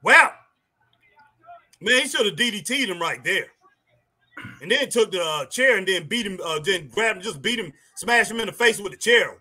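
Man, wrestling stream host, casual, excitable, bright high voice. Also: normal speed, pauses often. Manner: excitable, laughing, drawling, calls everyone man and boy.

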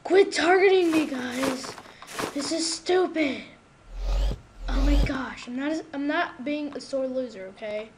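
High-voiced excitable woman gaming. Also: moderate pace, hardly any pauses, noisy background. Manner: excitable, protests loudly when losing. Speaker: gamer. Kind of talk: casual gameplay commentary. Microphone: new desktop microphone.

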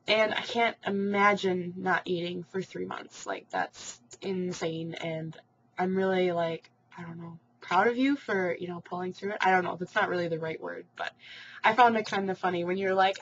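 A woman's voice: lowish voice, moderate pace, fairly bright tone. A teenage girl vlogging casually to her online support group, rambling and sympathetic with lots of ums and likes. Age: teens. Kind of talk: casual video reply to group members. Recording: dull lo-fi webcam audio with faint hiss.

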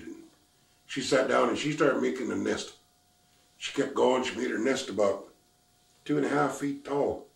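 An elderly man from the Lummi Nation telling a traditional story in simple, repetitive, unhurried phrasing. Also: fairly low pitch, creaky. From Lummi Nation, Washington, US. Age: older. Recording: echoey room, distant mic.

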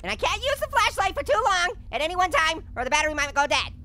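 A man voicing a hyper, wisecracking male talking orange who hosts a cartoon gaming let's-play, with punning, jumpy, giggly commentary and a squeaky voice. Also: big pitch swings, fast, pushed and bright, full character voice. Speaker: gaming host.

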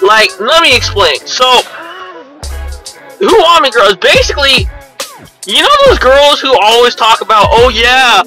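A man's voice: very high-pitched, animated, normal speed, pauses often, pushed and bright, faint music behind, low-quality recording. A young man ranting casually and rambling, with lots of swearing and "you know what I mean" as he talks. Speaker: vlogger. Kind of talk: casual rant to camera.

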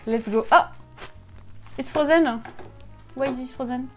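A French woman with a French accent chatting excitedly to herself during a casual live stream, slipping between English and French. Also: sits high, a little slow, soft background music. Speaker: costume maker streaming live. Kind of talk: casual live-stream chat while unboxing.

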